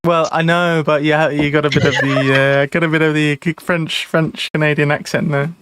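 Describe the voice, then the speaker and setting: A man's voice: fairly high pitch, level tone, moderate pace, fairly bright tone, slight background noise. A man streaming a board game live, chatting casually, rambling and laughing at his own mistakes. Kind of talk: casual live-stream chat while playing.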